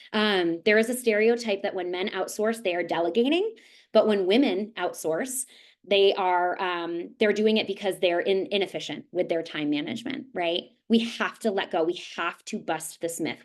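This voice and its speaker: A woman presenting a parenting webinar as a nurse, casual and conversational, often checking in with "right?" and acting out little scenes. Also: lowish voice. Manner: conversational, with frequent "right?" tags and animated acted-out asides. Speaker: nurse and lactation consultant presenter.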